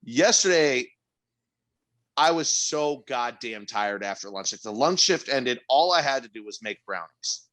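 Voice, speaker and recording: A podcast co-host with a mid-range voice tells a frustrating work story in casual chat, speaking a little slowly. He's animated and exasperated, swearing freely, his voice jumping up in disbelief to near-shouts.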